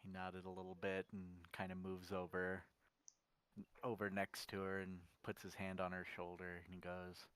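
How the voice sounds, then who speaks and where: A man's voice: low-pitched, completely flat delivery, normal speed, fairly bright tone, smooth. Man narrating his game character. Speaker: player.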